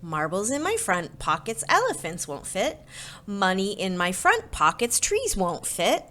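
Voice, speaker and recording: A woman's voice: medium pitch, huge pitch swings, unhurried, bright, forceful tone, full character voice. A woman voicing a cheerful young boy in a storybook, with a sing-song, bouncy delivery.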